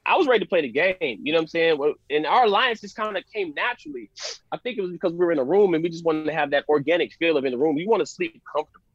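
A high, quick male voice rattles off loose, slangy stories as a podcast guest. The sound is dry and close, with little room in it. The highs are dulled, so the tone comes across a bit muffled. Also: no room sound. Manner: animated storyteller, slangy, says "you know what I'm saying" a lot. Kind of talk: casual podcast chat.

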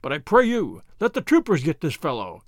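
A man's voice: fairly high pitch, wildly swooping pitch, a little fast, no echo, clean studio sound. A man voicing a pompous, flustered governor who blusters and pleads.

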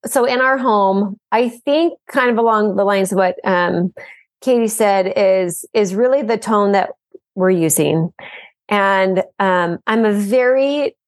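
A woman who is a mom and program co-founder guests in a casual interview, naturally loud and energetic, telling animated stories. Her mid-range voice moves slowly, and the recording is dry and studio quality.

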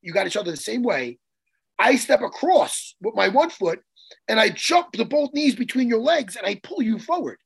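Excitable gravelly guy on a podcast, swears a lot, trips over his words. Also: high voice, normal speed. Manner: excitable, profane, repeats himself while telling a story. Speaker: podcast co-host and martial arts coach. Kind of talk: casual chat, animated storytelling.

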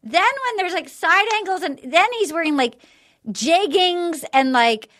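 A woman's voice: extremely high pitch, lively intonation, unhurried, a bit bright. A woman hosting a casual podcast chat, giggly and full of fillers as she recaps episodes. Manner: chatty, giggly, lots of fillers. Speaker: podcast host.

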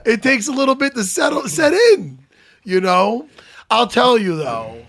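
A man's voice: very high voice, big pitch swings, a little slow, creaky, a bit bright. A man co-hosting a podcast in casual chat, laughing, swearing and getting emotional as he rambles. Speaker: podcast co-host.

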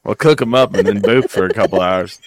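A man's voice: on the low side, brisk, close to an everyday voice. A man voicing a goofy southern hillbilly drinker with an exaggerated drawl.

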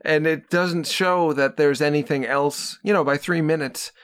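A man's voice: a little high, steady tone, unhurried, a bit bright, smooth. A man in casual comedic chat, reacting in a dry, bemused way.

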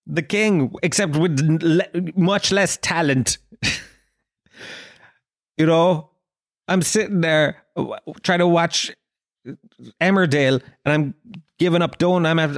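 A man hosts a comedy podcast, delivering a loose, profane monologue that pokes fun at himself. His voice sits somewhat high. The sound is dry, with almost no room echo. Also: unhurried, pauses often. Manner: profane, self-mocking ranting. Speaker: podcast host.

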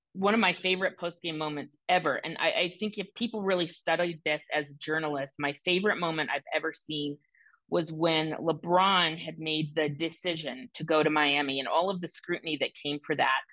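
A woman sports reporter with a low voice talks eagerly in a panel discussion. The sound is dry and close. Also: no echo, rough recording. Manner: enthusiastic, self-described softie. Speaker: sideline reporter.

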